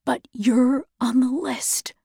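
A woman voicing a secretive, teasing teenage boy who talks in a hush in an audiobook reading. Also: high-pitched, steady tone, very slow, vocal fry, husky, dry recording, clean studio sound, exaggerated voice. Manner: hushed whispering. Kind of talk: audiobook narration.

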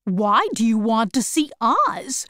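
A woman voicing a gentle, sad tin man who longs for a heart, telling his story in a soft, mournful way in a storybook reading. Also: fairly high pitch, sing-song, slow, dry recording, clean studio sound, full character voice.

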